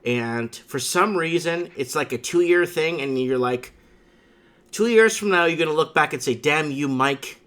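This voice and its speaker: A man's voice: fairly high pitch, animated, normal speed, a bit bright. A man hosting a livestream, chatting with a caller and telling stories in a rambling, emphatic way with frequent asides. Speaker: livestream host. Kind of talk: casual chat with a caller.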